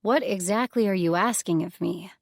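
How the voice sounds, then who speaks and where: A woman's voice: medium pitch, normal speed, gravelly, dry recording, clean studio sound. A woman voicing a guarded young goddess in an audiobook, answering in cool, clipped, wary lines. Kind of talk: audiobook character voice.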